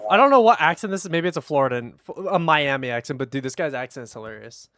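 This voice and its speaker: A man's voice: a little high, expressive, quick pace, fairly bright tone. A young man reacting to videos on a livestream, talking bluntly to chat with plenty of swearing. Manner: blunt, profane, talks straight to chat. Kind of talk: casual livestream commentary.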